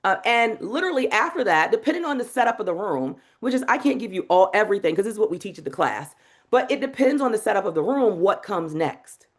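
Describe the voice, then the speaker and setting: A woman teaching a live online masterclass on public speaking, in an energetic, demonstrative way. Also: mid-range voice, fast talker. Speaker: speaking coach. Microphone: video call.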